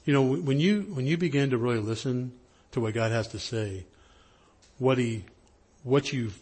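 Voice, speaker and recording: A husky-voiced middle-aged man preaching from the pulpit, easygoing and conversational as he tells a story. His voice sits at an ordinary pitch, with a slightly breathy edge. He jumps higher when he acts out what people said. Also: moderate pace, a little mellow. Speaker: pastor. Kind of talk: sermon with a personal story.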